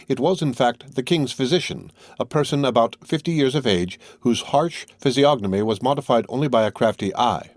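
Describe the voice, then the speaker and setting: A man's voice: mid-range voice, expressive, a little fast, hardly any pauses, no room sound. Man reading classic prose, dry close sound. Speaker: audiobook reader. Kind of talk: scripted narration.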